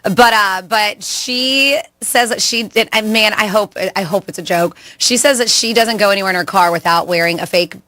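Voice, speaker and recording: A woman's voice: mid-range voice, moderate pace, few pauses, pushed and bright, no echo. A woman co-hosting a radio show, chatting casually and laughing often as she reads listener messages. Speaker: radio co-host.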